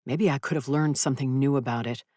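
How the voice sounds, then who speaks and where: A woman's voice: extremely low pitch, steady tone, quick pace, mellow, no echo, clean studio sound. A woman narrating a first-person audiobook, who acts out furious dialogue with rising intensity. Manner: dramatic, voices furious dialogue with raised intensity.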